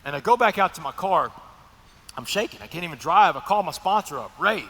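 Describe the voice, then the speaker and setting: A high, bright-voiced man rushes through an earnest testimony, talking straight to the crowd. His voice rings out with a long hall echo behind it. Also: lively intonation. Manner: earnest storytelling, addresses crowd directly. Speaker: guest speaker sharing recovery testimony. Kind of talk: personal testimony speech to an audience. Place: large event hall at a breakfast gathering. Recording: echoey hall reverb.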